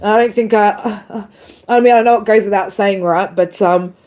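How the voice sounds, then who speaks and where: A woman's voice: medium pitch, steady tone, normal speed, a little mellow, slight background noise. A woman doing a live tarot stream, tearful and emotional, swearing freely and tagging lines with "right?" and "man". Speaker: tarot reader.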